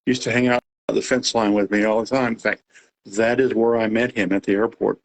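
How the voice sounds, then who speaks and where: Laid-back Texan host, slightly nasal, lower voice, loose live-stream talk. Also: male voice, brisk, rough recording. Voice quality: a little nasal. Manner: relaxed, rambling, with fillers and restarts. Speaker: host of a live radio-monitoring Q&A. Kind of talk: casual live chat.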